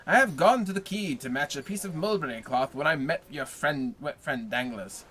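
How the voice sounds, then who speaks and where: A man's voice: on the high side, expressive, normal speed, pushed and bright. A man playing a hearty, wheedling tailor. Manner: hearty, wheedling, overly familiar. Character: grizzled worldly male tailor neighbor.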